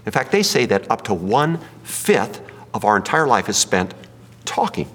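A man's voice: lowish voice, sing-song, moderate pace, a bit bright, slightly rough. A man preaching a sermon in a folksy, joking way, telling stories and asking his listeners questions. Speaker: pastor. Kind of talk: sermon with jokes and audience questions. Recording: long hall reverb.

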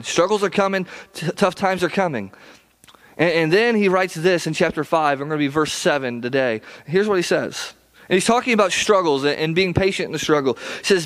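A man preaching a sermon as pastor, reading scripture and talking in a conversational, pleading way, often repeating and restarting words. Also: sits high.

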